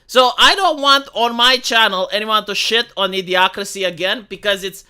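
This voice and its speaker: A young man hosting a livestream, ranting casually with lots of swearing and big swings in pitch. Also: normal speed, bright, forceful tone, clean tone. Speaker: livestream host.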